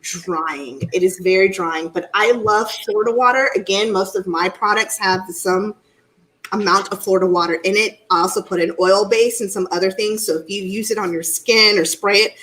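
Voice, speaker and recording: A woman co-hosting a casual live-stream chat over a video call, telling stories with loud bursts of laughter. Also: medium pitch, normal speed, poor audio. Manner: animated storytelling with loud laughs. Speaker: Reiki practitioner and co-host.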